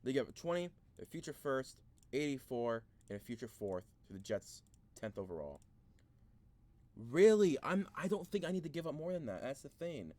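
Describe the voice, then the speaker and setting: A man's voice: mid-range voice, sing-song, a little fast, darkish tone. Rambling man doing mock draft commentary. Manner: rambling, frustrated, thinking aloud with restarts. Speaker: sports video host.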